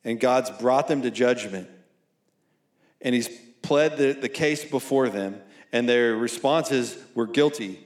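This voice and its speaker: A man of middle pitch preaching to young adults in a loose, talky style, often tossing in "right?" as he goes. His voice rings out in a roomy hall with plenty of echo. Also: unhurried. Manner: conversational, often asking "right?"; reads scripture aloud. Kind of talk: sermon. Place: church hall at a college service. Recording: echoey room.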